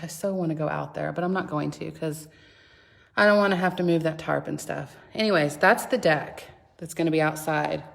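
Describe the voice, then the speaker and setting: A woman's voice: on the low side, vocal fry. A woman giving a chatty, gushing home tour vlog inside a house under construction, filmed on a handheld phone. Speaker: homeowner vlogger.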